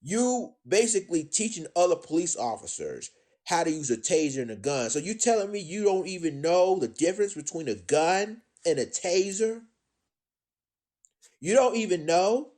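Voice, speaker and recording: Man, live stream commentary, indignant, lively rising and falling pitch, slightly high voice. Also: normal speed. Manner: indignant, repetitive, addresses ladies and gentlemen. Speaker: commentator on current events.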